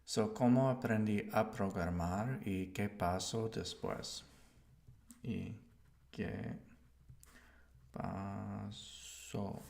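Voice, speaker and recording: A man with a low, gravelly voice thinks aloud as he studies on a live stream. He talks at an unhurried, musing pace, working things out for himself. The room around him rings with a noticeable echo. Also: a little mellow. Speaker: streamer learning Spanish.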